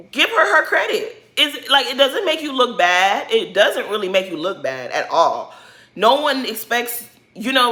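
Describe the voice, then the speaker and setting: A woman gives a sassy, animated recap of a reality show and talks straight to the people in it. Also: on the high side. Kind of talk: casual recap commentary.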